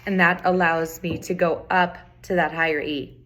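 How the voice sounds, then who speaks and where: A middle-aged woman with a slightly low voice teaches a recorder tutorial. She explains patiently, says the important points twice and counts and chants the rhythms aloud. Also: level tone, moderate pace, very noisy. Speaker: music teacher.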